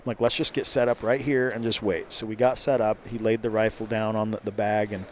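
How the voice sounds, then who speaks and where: A man's voice: lowish voice, brisk, slight background noise. A man telling a long hunting story about his son in a casual conversation, acting out the dialogue as he goes. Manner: animated storytelling, acts out quoted dialogue. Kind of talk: casual chat.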